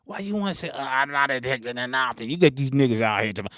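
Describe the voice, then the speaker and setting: A man's voice: medium pitch, fast, few pauses, a bit bright, dry recording, clean studio sound. A man, ranting unscripted to camera about music gear, swearing freely, laughing and mimicking his critics. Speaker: beatmaker hosting his channel.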